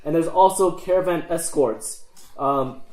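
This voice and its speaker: Halting game master in an echoey room. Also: male voice, a little high, darkish tone. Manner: halting, full of fillers and restarts. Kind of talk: narrating a tabletop game.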